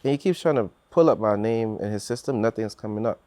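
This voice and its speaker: A man's voice: lowish voice, quick pace, warm tone, no room sound. A man telling a personal story on a podcast in earnest, acting out what others said, with many restarts.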